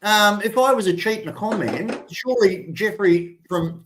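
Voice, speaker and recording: Rambling Australian man, higher voice. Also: expressive, normal speed, hardly any pauses, fairly bright tone. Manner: rambling, repeats words and restarts often. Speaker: livestream host. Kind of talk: casual livestream chat.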